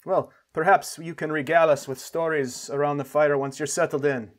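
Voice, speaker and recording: A courteous, welcoming caravan leader, put on by a man who speaks a touch higher than usual and with some lift. He is polite and hesitant, dotting his invitations with little fillers, as in a tabletop game. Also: fairly even intonation, normal speed, natural voice. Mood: hospitable.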